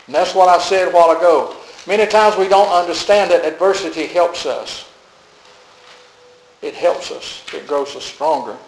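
Folksy older preacher, roomy sound. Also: male voice, a little high, moderate pace, slight background noise. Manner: folksy storytelling preacher, chuckles often, swings from soft to emphatic. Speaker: pastor. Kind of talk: sermon.

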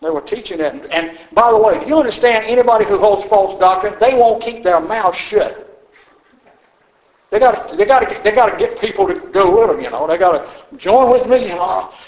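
A man's voice: high voice, lively intonation, fairly quick, roomy sound, poor audio. An older man preaching a sermon as pastor, telling stories in a folksy way with frequent chuckles. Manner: storytelling, folksy, chuckles often. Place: church sanctuary.

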